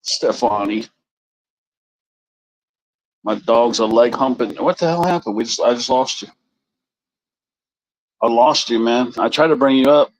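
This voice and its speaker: A man's voice: mid-range voice, unhurried, long pauses, no room sound, dull audio. A man hosting a live stream, chatting casually and crudely to his viewers in a rambling way. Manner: rambling, crude, talks straight to the chat.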